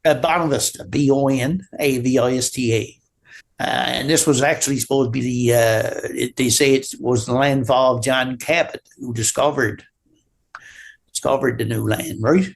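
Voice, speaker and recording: A man's voice: mid-range voice, fairly even intonation, normal speed, gravelly. A man from Newfoundland with a Newfoundland accent, chatting as a guest in a casual interview, rambling and often ending his sentences with "right?". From Newfoundland, Canada. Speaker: guest, drywall taper.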